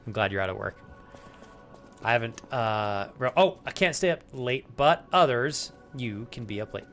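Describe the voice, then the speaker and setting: A man's voice: medium pitch, expressive, moderate pace, fairly bright tone, soft background music. Chatty man streaming a game. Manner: chatty, addresses viewers by name, swears casually. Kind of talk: casual live-stream chat.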